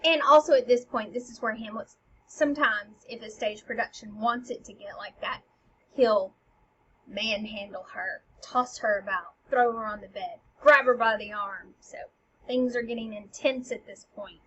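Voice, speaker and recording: A woman's voice: fairly high pitch, normal speed, fairly bright tone. A woman teacher explaining a play scene by scene in a chatty, playful way, in a slightly dull recording with faint hiss. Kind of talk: casual explainer lesson.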